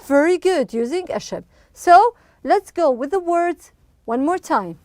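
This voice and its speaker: Slow, lively encouraging woman teacher. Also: high voice, no room sound, clean studio sound. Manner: slow, encouraging, frequent praise. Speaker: English teacher. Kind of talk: online classroom lesson for young children.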